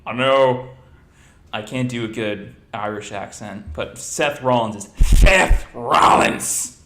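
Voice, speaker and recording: Man, podcast host, low voice, joking storyteller, roomy echo. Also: measured pace. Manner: animated storyteller, jokey. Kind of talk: casual chat.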